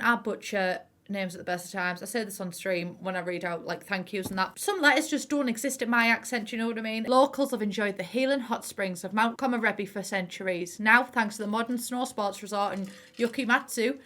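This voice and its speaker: A woman's voice: a little high, a bit bright. A young woman in her twenties with a Teesside accent from Middlesbrough, chatting frankly through a casual game review, swearing freely and calling her viewers pet names. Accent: Teesside English. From Middlesbrough, England. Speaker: YouTuber reviewing a game expansion.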